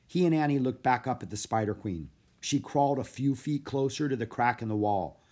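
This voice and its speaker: A man's voice: medium pitch, animated, a little fast, darkish tone. Man reading a storybook aloud. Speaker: narrator. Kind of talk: storybook read-aloud narration.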